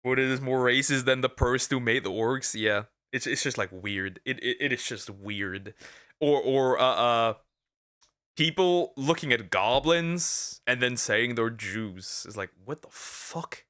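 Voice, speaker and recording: A man casually reacting to a video, animated and crude, laughing often and tripping over repeated words. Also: mid-range voice, unhurried.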